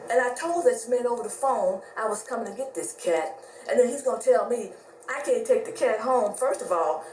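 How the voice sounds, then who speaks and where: Woman storyteller, lively pitch, roomy distant mic, faint background hum. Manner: animated, acts out both sides of conversations. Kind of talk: casual storytelling.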